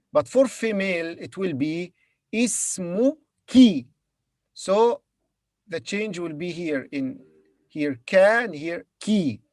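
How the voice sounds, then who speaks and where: In clean studio sound with no room noise, a man with a fairly high voice teaches Arabic to beginners. He takes his time pronouncing every word and says each one again so his students can follow.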